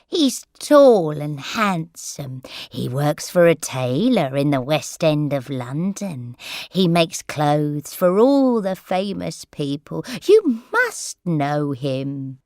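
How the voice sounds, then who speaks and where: A woman voicing a confused old lady, slow and drawn out. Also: low-pitched, very animated, no echo, studio quality, full character voice. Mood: wistful. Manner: wandering, frightened, then shouting and sobbing. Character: confused elderly woman with dementia.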